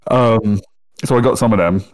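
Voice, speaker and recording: A fairly low-voiced man with a Northern English accent, talking in a loose, casual chat. He rambles in a friendly way, swears freely and laughs often. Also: moderate pace. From Northern England.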